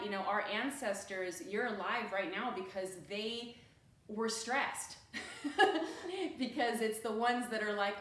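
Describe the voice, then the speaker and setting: A woman yoga teacher talking casually to her class in a chatty, animated way, often laughing. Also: a little high, measured pace. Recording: echoey room from far off.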